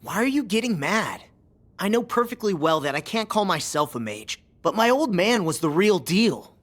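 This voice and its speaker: A man's voice: high-pitched, big pitch swings, moderate pace, fairly bright tone, heavily acted. An actor voicing a stubborn, good-natured teenage boy who is a novice mage in an anime dub, plain-spoken and sincere. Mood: defiant. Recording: studio dub with music behind.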